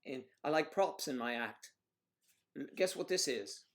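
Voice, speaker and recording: A man's voice: mid-range voice, animated, a little slow, a little hiss or hum. A man hosts a casual livestream and rambles from one joke to the next. His manner is playful and loose, like someone chatting off the cuff with viewers. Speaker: livestream host.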